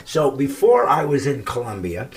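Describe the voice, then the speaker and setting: A middle-aged man hosting his comedy podcast, telling stories with emphatic, shouted punchlines. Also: mid-range voice, very animated, normal speed. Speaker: comedian host. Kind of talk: comedic podcast monologue and banter.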